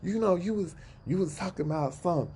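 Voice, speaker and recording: A man's voice: high-pitched, brisk, dark tone, a little hiss or hum, pitched above the performer's own voice, lightly acted. A man voicing a petty young man who whines and stumbles over his words about a grudge. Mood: whiny. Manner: whiny and stumbling.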